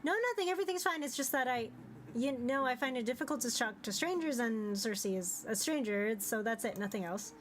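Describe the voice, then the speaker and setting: A woman's voice: on the high side, lively intonation, brisk, a little hiss or hum, natural voice, poor audio. A woman voicing a shy, nervous male professor in a visual novel, stammering and flustered.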